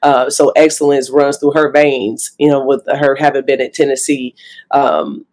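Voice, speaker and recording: A woman's voice: very deep voice, normal speed, darkish tone. A woman in her forties, a basketball coach, giving earnest, reflective interview answers with easy laughs.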